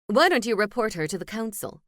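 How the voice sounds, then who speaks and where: A woman's voice: medium pitch, big pitch swings, a little fast, a bit bright, no echo. A woman reading the part of an eager, helpful male ghost with old-fashioned phrasing, in a dry close recording.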